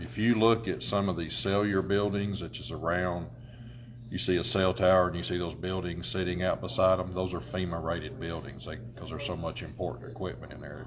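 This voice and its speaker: A man, an emergency management director explaining things plainly and practically. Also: sits low. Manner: matter-of-fact, practical explainer. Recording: noticeable room noise.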